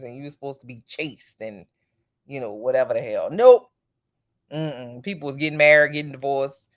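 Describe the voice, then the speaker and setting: A vlogger chatting casually to the camera, slangy and loose. The voice sits at a middling pitch and leaps sharply upward for emphasis, then drops back to a low, easy murmur. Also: fairly bright tone. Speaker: vlogger, parent. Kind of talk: casual chat to camera about TV shows.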